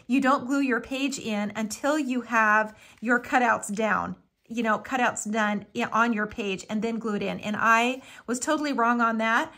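A woman's voice: fairly high pitch, pushed and bright. Chatty woman hosting a craft tutorial. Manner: chatty and homey, fond of "little" and "so cute", with frequent ums. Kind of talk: live watercolor and papercraft tutorial.

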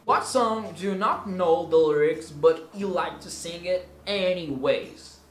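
A man's voice: high-pitched, unhurried, echoey room, a little hiss or hum. A man in his twenties from Brazil with a Brazilian Portuguese accent, Portuguese his first language, joking and teasing through a casual question-and-answer vlog. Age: 20s. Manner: playful, joking, theatrical. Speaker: vlogger.

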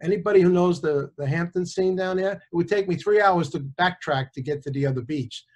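A man in his sixties, a chiropractor and author, telling personal anecdotes in a casual, animated way. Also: high-pitched, fairly quick, lo-fi sound. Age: 60s. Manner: animated, conversational, with small restarts.

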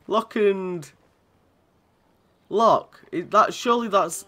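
Sweary, bright-voiced game commentator. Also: male voice, sits high, expressive, takes it slowly, pauses often. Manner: sweary, chatty, laughs often. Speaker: gaming channel host.

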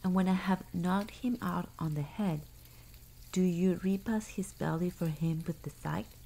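Woman reader as an earnest father, slow whispered role-play, low mellow voice. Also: creaky, slight background noise, rough recording. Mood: urgent. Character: anxious, loving peasant father.

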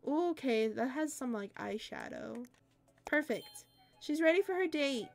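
A young woman streamer chatting excitedly to her viewers while she plays a game. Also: high voice, a little slow, vocal fry. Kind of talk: casual gaming chat.

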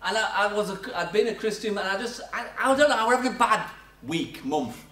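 A man's voice: high voice, expressive, brisk, bright, forceful tone. Older man preaching in an echoey church. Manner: chatty storytelling with self-mocking laughs. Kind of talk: sermon. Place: church hall. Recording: echoey church sound from far off.

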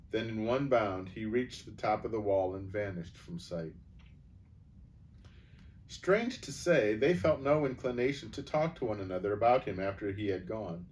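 A man reading a children's storybook aloud in a gentle, unhurried way. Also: lowish voice, distant mic.

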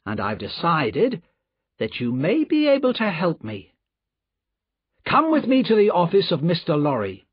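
A man voicing a calm gentleman who speaks in a measured, coolly assured way. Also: a little high, slightly rough, pitched above the performer's own voice, full character voice. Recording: dull lo-fi recording.

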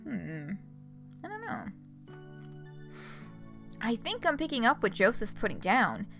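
A woman streaming a game, reading and reacting in an excitable way, swearing and laughing often. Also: on the high side, a little slow, creaky, over music. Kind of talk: gameplay commentary.

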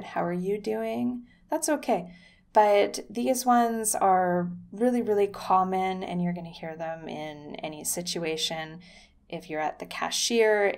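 A young woman gives a relaxed English lesson to camera, chatty and upbeat. Her voice has a gravelly, creaky edge, and she acts out little dialogues as she explains. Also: mid-range voice. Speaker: English teacher. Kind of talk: casual video lesson.

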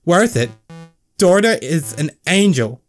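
A man's voice: high voice, very animated, takes it slowly, soft background music, voice pushed up, full character voice. A man voicing a blunt, oversharing woman coworker who talks in clipped broken sentences and is matter-of-fact about crude topics.

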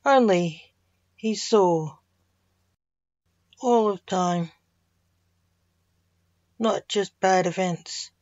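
A woman narrating a story aloud in a plain, unhurried reading voice. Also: medium pitch, darkish tone, no room sound. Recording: dry, slightly muffled recording.

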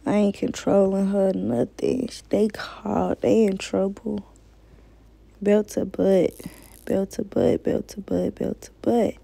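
A woman's voice: mid-range voice, level tone, takes it slowly, creaky, dark tone, no room sound, poor audio. A woman giving casual, slangy commentary while playing a game and talking to her viewers. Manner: slangy, chatty, talks to viewers. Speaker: gamer.

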